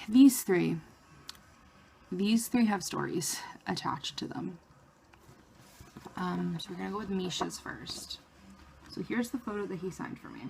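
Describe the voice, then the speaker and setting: A woman vlogger telling a story in a casual, excited way, with lots of "like" fillers. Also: fairly low pitch, gravelly, background noise. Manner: excited retelling of a fan encounter, many "like" fillers.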